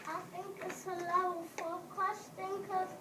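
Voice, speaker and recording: High young student voice, echoey room. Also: little pitch movement, a little slow, noisy background. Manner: hesitant, searching for words. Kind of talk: classroom answer. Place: classroom. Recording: echoey classroom from far off.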